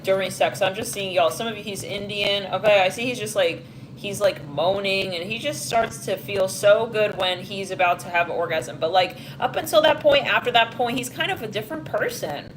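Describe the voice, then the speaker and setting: A woman talks straight to the camera through a tarot reading, rambling and blunt, with plenty of fillers along the way. Her pitch sits in a plain middle range, and a faint hiss of noise runs underneath. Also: moderate pace, poor audio. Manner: rambling, frank, with filler-heavy asides. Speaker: tarot reader. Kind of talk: casual psychic reading to camera. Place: London, England.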